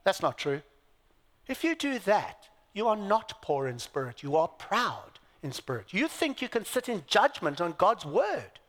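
Slow, animated preacher in a hall. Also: male voice, high voice. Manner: emphatic, asks the audience rhetorical questions; dry self-deprecating asides. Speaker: pastor. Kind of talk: sermon.

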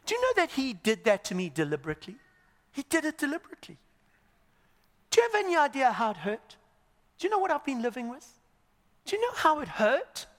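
A man voicing an indignant, resentful churchgoer who fires off rapid, exasperated questions. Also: sits high, sing-song, fairly bright tone, big-room sound. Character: indignant wronged male churchgoer, resentful and defensive.

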